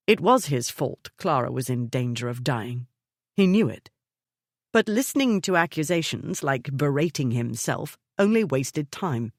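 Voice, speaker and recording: Measured woman reading a romance novel. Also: low-pitched, lively intonation, no echo, clean studio sound. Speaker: audiobook narrator. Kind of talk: scripted narration of a romance novel.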